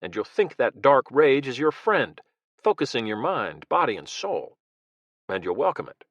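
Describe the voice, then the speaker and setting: A man's voice: mid-range voice, sing-song, normal speed, fairly bright tone, no room sound. A man playing an intense ex-Marine leader. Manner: blunt, intense, earnest.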